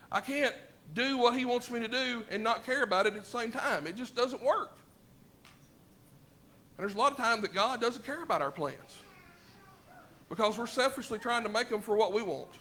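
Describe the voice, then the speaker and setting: High, bright-voiced Southern preacher. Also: male voice. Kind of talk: sermon. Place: church sanctuary.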